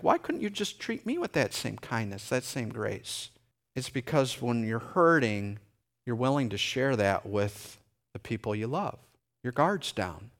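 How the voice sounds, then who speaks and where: A man preaching a sermon with a middle-pitched voice. He talks conversationally to his congregation and swings into lively, animated asides. His delivery feels loose and unscripted. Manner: conversational preaching, jumps into high excited voices for anecdotes. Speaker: pastor.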